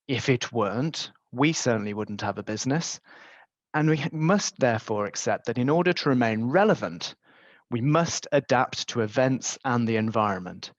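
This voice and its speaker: A man's voice: medium pitch, dry recording, highs cut off. A man presenting a business webinar in a conversational way, with many ums and uhs. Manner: conversational with frequent fillers.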